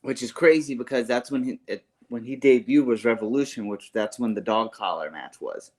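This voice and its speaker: A man co-hosting a wrestling podcast, chatting loosely. He rambles and restarts, packing his talk with "like", "bro" and "yo". His voice sits at an ordinary middle pitch. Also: moderate pace. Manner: rambling, filler-heavy, slang like "bro" and "yo". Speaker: podcast co-host. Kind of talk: casual wrestling podcast chat.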